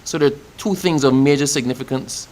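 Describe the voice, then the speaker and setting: A man's voice: medium pitch, fairly quick, darkish tone, rough recording. A man with a Barbadian accent answering a reporter at a press event, speaking with growing pride and emphatic repetition. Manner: passionate, building to proud emphatic declarations.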